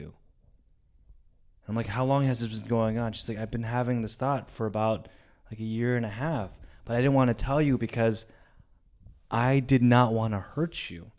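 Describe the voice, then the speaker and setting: A young man co-hosting a comedy podcast, telling a personal story in a loud, animated way, swearing freely and dropping to a hush for the tender parts. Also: mid-range voice, moderate pace. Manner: animated, swears a lot, swings from loud to hushed. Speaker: podcast co-host.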